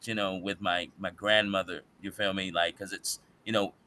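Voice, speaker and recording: A man in casual podcast talk, an animated storyteller who uses slang and acts out other people's voices. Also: sits low, normal speed. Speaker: podcast guest. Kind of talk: casual chat.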